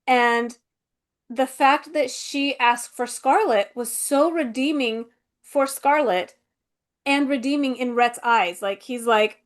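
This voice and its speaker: High-voiced woman chatting casually. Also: takes it slowly. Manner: rambling, filler-heavy, acts out characters' lines. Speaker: podcast co-host. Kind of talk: casual book-and-film review chat.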